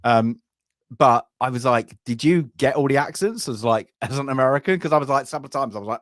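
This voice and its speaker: A man's voice: mid-range voice, no echo. Guy rambling about a movie on a video call, keeps restarting, dry sound. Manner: rambling, halting, restarts phrases. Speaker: film podcast co-host. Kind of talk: casual film discussion.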